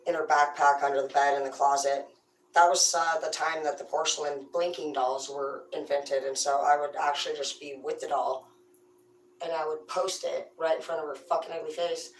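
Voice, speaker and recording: A woman telling profane, rambling comedic stories about growing up on a farm, in a loose, animated way. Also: deep voice, moderate pace, recorded from a distance, slight background noise. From rural farm upbringing. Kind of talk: casual comedic storytelling. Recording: roomy, away from the mic.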